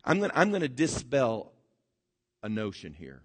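A man preaching a sermon, animated, swinging between loud emphatic bursts and quiet, drawn-out words. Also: mid-range voice. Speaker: pastor.

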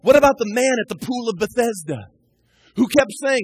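A man preaching a sermon as a pastor, impassioned, swinging from shouts down to low, quiet passages. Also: expressive, a little fast, slightly rough, no echo, poor audio.

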